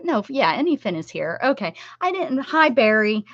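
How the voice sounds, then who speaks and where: A woman's voice: a little high, very animated, moderate pace, few pauses, no room sound. Chatty middle-aged woman streaming crafts from home, dull lo-fi mic, dry room. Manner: chatty, rambling, talks to viewers by name. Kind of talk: casual live-stream chat while crafting.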